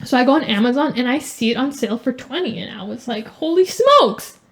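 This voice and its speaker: A young woman co-hosting a casual sibling podcast, telling animated stories full of "like". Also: a little high, fast talker. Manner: animated storytelling with lots of "like". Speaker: podcast co-host.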